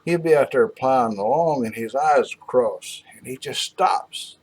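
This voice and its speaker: A folksy man rambles through a long joke. His voice sits at a middle pitch, drawling and easy. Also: a little slow, slightly rough.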